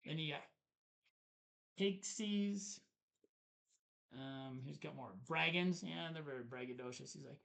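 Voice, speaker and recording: A man's voice: a little high, a little slow, gravelly, pauses often, a bit bright. A man co-hosting a board game review, chatting casually as he shows the cards and chuckles at the puns. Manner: chatty, laughs at the card puns. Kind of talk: casual show-and-tell review.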